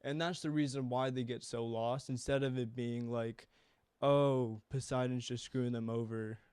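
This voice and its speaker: Young man, podcast co-host, casual rambling chat, swears, smooth clear voice, dry close sound. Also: mid-range voice, flat delivery, moderate pace, darkish tone, dry recording.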